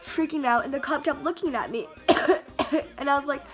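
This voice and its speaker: A woman's voice: high voice, moderate pace, faint music behind. A woman telling a story to her camera in a casual vlog, chatty and stammering, with lots of fillers and restarts. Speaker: vlogger. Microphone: camera mic.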